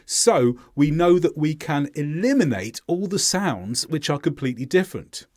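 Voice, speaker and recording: A man teaching a language lesson, speaking clearly and deliberately as he demonstrates pronunciation. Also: on the high side, big pitch swings, darkish tone, no room sound. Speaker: English teacher. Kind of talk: scripted lesson narration.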